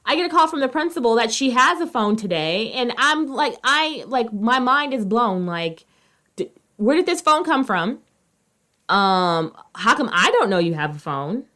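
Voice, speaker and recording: Chatty, expressive woman podcast co-host. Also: a little high, moderate pace, few pauses. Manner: chatty, expressive, swearing freely, swings from loud to quiet. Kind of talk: casual chat.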